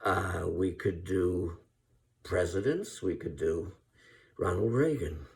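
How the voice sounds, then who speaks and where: A man's voice: sits low, slow, vocal fry, a little mellow, slight background noise. A man rambling through a casual comic monologue of impressions. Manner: rambling, trailing off. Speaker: impressionist drummer.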